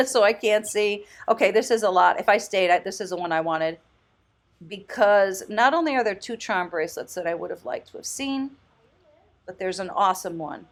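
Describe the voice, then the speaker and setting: A chatty woman thrift vlogger with a mid-range voice offers casual, off-the-cuff commentary. She thinks out loud, musing as she goes, exclaiming with delight and laughing easily.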